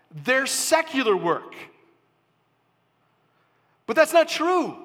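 A man preaching a sermon as a pastor, emphatic, with sudden rises and soft drops. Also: very high-pitched, long reverb tail.

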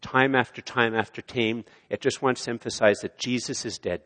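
A man preaching a sermon in a church, swelling loud on key lines and dropping low and quiet on others. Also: steady tone, brisk. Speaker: pastor. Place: church sanctuary. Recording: long hall reverb of a church.

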